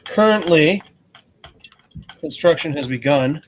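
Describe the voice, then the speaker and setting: A man hosting a relaxed, joking hobby chat. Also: mid-range voice, moderate pace, slight background noise. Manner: relaxed, joking, talks while unboxing. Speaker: host. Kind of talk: casual chat.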